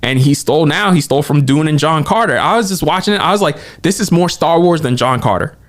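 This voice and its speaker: Excitable man gushing about a movie. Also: on the high side, fast. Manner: excited, animated retelling with quoted asides. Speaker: podcast co-host. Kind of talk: casual movie chat.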